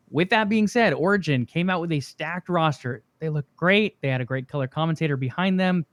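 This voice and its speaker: A man co-hosting an esports podcast, calmly talking through the week's news at length. His voice sits a little high. The recording is dry and close. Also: dry recording. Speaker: podcast co-host. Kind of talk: casual esports news chat.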